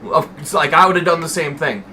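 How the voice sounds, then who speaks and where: A man's voice: a little high, animated, fairly quick, bright, forceful tone, a little hiss or hum. A young man streaming, telling a story to his chat in a casual, rambling way and swearing freely.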